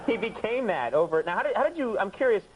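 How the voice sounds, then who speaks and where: A man hosting a late-night talk show, joking and asking quick questions. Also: high-pitched, very animated, dull audio. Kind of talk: casual chat. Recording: noisy old TV tape.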